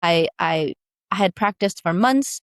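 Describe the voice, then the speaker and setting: Animated woman telling her story. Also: lowish voice, no echo, clean studio sound. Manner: animated, emphatic, quick bursts of speech. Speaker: guest, brow tattoo business founder. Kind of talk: personal storytelling in an interview.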